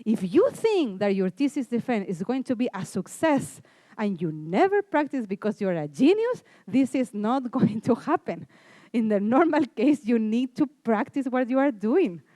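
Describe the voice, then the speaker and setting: A woman from Chile with a Chilean Spanish accent, giving a classroom lecture in a halting way, restarting sentences and filling pauses. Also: on the high side, sing-song, mellow, dry recording. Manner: halting, self-correcting speech with many fillers. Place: lecture room.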